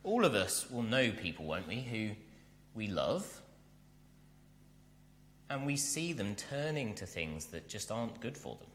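A man preaching a sermon, animated and speaking directly to his congregation in a church. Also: on the low side, measured pace, pauses often, big-room sound, slight background noise. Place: church hall.

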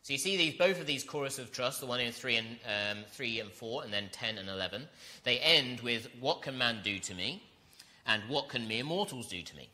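A man's voice: mid-range voice, lively intonation, moderate pace, sharp tone. A man preaching an earnest sermon, reading scripture and building to emphatic repetition.

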